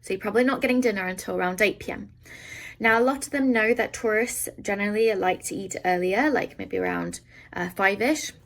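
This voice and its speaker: A woman teaching a beginner Italian lesson, explaining words in English and sounding out each Italian word slowly and carefully. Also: medium pitch, sing-song, low-quality recording. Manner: slow careful pronunciation of foreign words.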